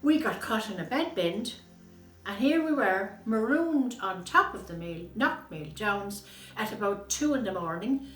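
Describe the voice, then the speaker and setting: A woman recounting a personal memory in a steady, plain way. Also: mid-range voice, measured pace. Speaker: interviewee sharing memories. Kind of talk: casual storytelling. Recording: roomy with faint music behind.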